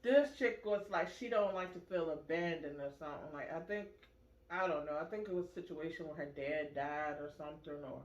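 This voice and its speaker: A woman hosting a casual chat, telling stories with animated acted-out quotes. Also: low-pitched, brisk. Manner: animated storyteller, acts out quoted voices. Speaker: vlog host. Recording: echoey room, muffled sound.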